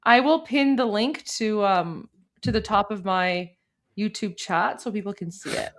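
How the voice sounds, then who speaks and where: A woman's voice: mid-range voice, unhurried. A woman from Iran co-hosting a live stream, chatting casually with many fillers and restarts.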